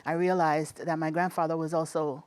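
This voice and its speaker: A middle-aged woman with a Bronx accent, telling lively stories in an interview and often laughing. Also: deep voice, moderate pace, smooth. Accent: Bronx New York. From the Bronx, New York. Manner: animated storyteller acting out quoted voices, laughs often. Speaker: guest, state commissioner. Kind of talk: conversational interview storytelling.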